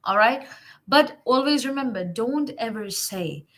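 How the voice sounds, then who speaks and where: A woman's voice: fairly high pitch, lively intonation, unhurried, fairly bright tone. A woman hosting a casual livestream English lesson, coaching her viewers in an encouraging, chatty way, with fillers and self-corrections. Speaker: English teacher, livestream host.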